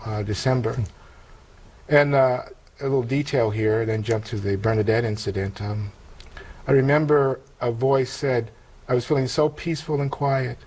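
A middle-aged man earnestly telling a personal spiritual testimony in an interview, halting and emotional, with many pauses and fillers. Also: mid-range voice, darkish tone, poor audio. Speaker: interview guest.

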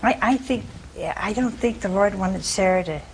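A woman's voice: medium pitch, normal speed, a little hiss or hum, poor audio. A woman preaching a sermon, telling the story in a folksy way and putting questions to the listeners.

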